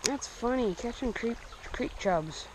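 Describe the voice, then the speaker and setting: A young man narrating his fishing trip casually outdoors, breaking into excited outbursts when he hooks a fish. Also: extremely high pitch, a little slow, noisy background. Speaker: fishing vlogger. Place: outdoors by a small stream. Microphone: action camera. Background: running stream water.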